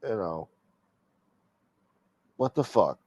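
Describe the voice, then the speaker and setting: A man's voice: on the low side, lively intonation, extremely slow, darkish tone, husky, no room sound, muffled recording. Profane rambling man hosting a stream. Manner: profane, rambling, reads viewer comments aloud. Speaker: livestream host reading chat. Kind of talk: casual late-night stream chat.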